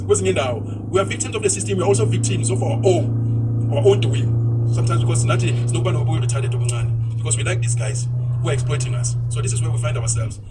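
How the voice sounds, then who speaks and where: A man's voice: on the high side, recorded from a distance, very noisy. A South African man ranting bluntly in opinionated podcast talk, switching into isiZulu phrases.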